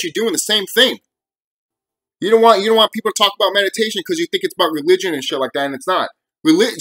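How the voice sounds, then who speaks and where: A man's voice: high voice, bright, forceful tone. A young man ranting to camera on his video channel, heated and full of profanity and repeated phrases. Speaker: vlogger.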